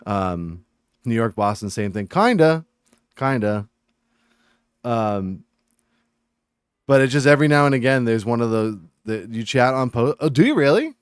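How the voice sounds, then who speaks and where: A man's voice: mid-range voice, unhurried, pauses often, clear, resonant tone, dry recording, studio quality. A man from Massachusetts chatting and ranting on a live game stream, reading viewer chat aloud.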